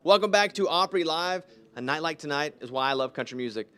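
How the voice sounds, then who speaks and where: A man with a smooth, resonant voice, pitched slightly high, delivering upbeat broadcast announcements. His reads are polished and practiced. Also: lively intonation, fairly quick, a bit bright. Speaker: radio and broadcast host.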